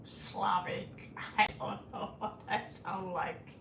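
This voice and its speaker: A woman's voice: mid-range voice, fairly even intonation, slow, gravelly, a bit bright, a little hiss or hum. A woman with a Norwegian accent, reading tarot on a casual livestream, rambling, chuckling and swearing freely. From Norway. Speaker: tarot reader. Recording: echoey room, distant from mic.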